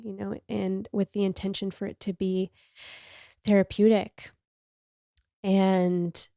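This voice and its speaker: A woman podcast host telling a personal story in an open, emotional and confessional way, sometimes dropping to a soft near-whisper. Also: medium pitch, gravelly, no room sound, studio quality.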